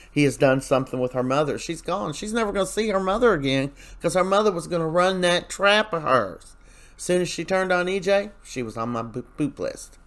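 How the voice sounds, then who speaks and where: A man's voice: on the high side, a bit bright. Chatty man recapping a soap opera. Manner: chatty, rambling, with many fillers and quoted lines. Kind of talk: casual spoken recap.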